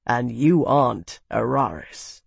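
A confident mercenary blade, as the audiobook narrator voices him, pitched noticeably lower than the narration. He is laconic and utterly unbothered. The sound is dry and close. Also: animated, takes it slowly, vocal fry, husky, no echo, full character voice. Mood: calm. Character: cool, confident male swordsman mercenary.

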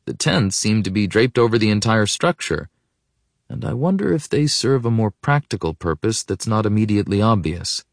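A man narrating a first-person audiobook in a reflective, intimate way that often drops to a hush. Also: lowish voice, very animated, moderate pace, dry recording, studio quality. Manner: reflective, intimate, softening to hushed.

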